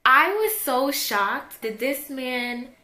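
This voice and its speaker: A woman's voice: sits high, animated, slow, sharp tone, roomy sound. A young woman telling a personal story in a chatty, slangy, candid storytime vlog. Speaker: vlogger. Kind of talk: casual storytime.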